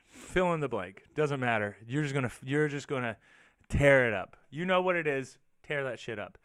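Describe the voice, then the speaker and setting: A man hosting his own show, chatting casually and rambling with viewers, animated and profane as he reacts to their comments. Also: mid-range voice, moderate pace, dry recording, clean studio sound. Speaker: show host. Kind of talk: casual livestream chat with viewers.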